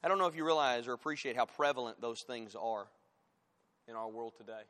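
A man preaching a sermon as pastor, rising loud on scripture and dropping to quiet, pointed asides. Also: medium pitch, brisk. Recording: long hall reverb.

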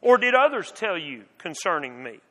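A calm male prisoner speaks in measured, solemn lines, his bright voice rising and falling widely, as a male reader puts him on. A long hall reverb follows him. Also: high-pitched. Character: calm male prisoner claiming a heavenly kingdom.

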